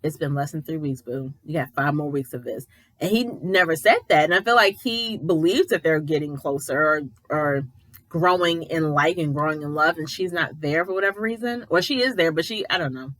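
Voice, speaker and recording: A woman's voice: sits low, moderate pace, a bit bright, no echo, poor audio. A woman giving a casual, opinionated recap of a reality show, retelling scenes and quoting people as she goes. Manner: chatty, opinionated, retells scenes with quoted voices. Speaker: editor.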